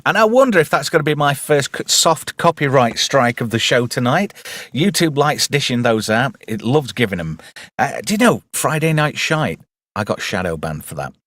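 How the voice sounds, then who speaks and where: A man's voice: medium pitch, animated, normal speed, a bit bright, no room sound, clean studio sound. A man giving a rambling, irreverent movie commentary and swearing freely. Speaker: movie reviewer. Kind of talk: casual film commentary.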